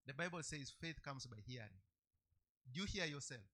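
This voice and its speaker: A man preaching a sermon, emphatic, repeating key phrases and swinging between loud and soft. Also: mid-range voice, animated, moderate pace.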